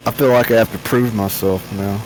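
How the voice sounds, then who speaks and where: A man's voice: lowish voice, darkish tone, slight background noise, poor audio. A man of about seventy hosting a flight-sim stream, chatting casually in a rambling, joking way with many restarts. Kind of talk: casual chat.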